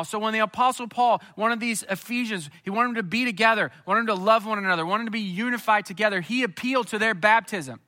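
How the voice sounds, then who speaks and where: A man from Missouri preaching a sermon, telling a personal story and then building to an emphatic, lively appeal. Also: high-pitched, quick pace, hardly any pauses. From Missouri, USA. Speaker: pastor.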